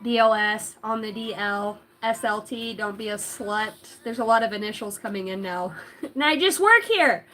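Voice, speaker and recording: A woman's voice: mid-range voice, moderate pace, a bit bright, faint music behind. A woman doing a casual livestream tarot reading, giggly and rambling, cussing freely. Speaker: tarot reader.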